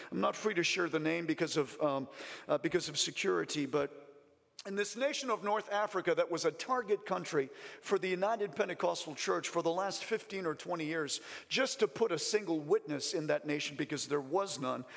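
Guy preaching a mission report, pretty high voice, lots of restarts, big echoey hall. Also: gravelly. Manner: fervent, with frequent restarts and praise interjections. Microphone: presentation mic in front of an audience. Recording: long reverb in a large hall.

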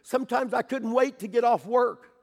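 An older man preaching a sermon in a church, fervent, swinging between shouted pleas and hushed storytelling. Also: extremely high pitch, normal speed, vocal fry, in a large hall.

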